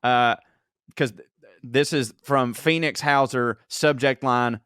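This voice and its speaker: A man co-hosting a comedy podcast, reading listener emails aloud with animated storytelling and frequent laughter. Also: medium pitch, slow, clear, resonant tone, no echo, clean studio sound. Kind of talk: casual comedic podcast banter.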